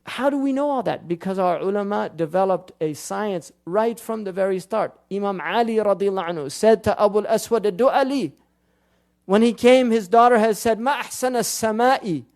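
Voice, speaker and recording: Religious lecturer, high male voice, quick rhetorical questions, arabic terms sprinkled in. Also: vocal fry, darkish tone. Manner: questions the audience rapidly, quotes classical sources; mixes Arabic terms into his speech. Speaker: Islamic scholar and lecturer.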